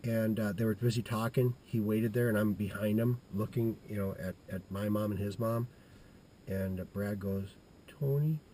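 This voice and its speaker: A man's voice: lowish voice, level tone, warm tone, slight background noise. Rambling man telling a childhood story. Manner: halting, with many restarts and fillers. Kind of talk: rambling personal anecdote.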